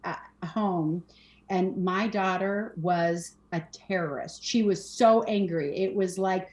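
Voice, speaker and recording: A woman's voice: on the low side, a little mellow. Frank, swearing woman in her forties. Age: 40s. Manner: frank and emphatic, swears casually, rapid run-on sentences. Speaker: podcast guest. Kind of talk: candid conversational storytelling. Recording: roomy echoey room.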